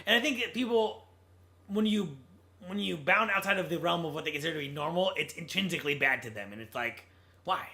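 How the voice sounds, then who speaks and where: A man's voice: on the high side, quick pace, bright, forceful tone. A man co-hosting a podcast, talking through his ideas about films in a rambling way and restarting his sentences often. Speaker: podcast co-host. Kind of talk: casual movie discussion.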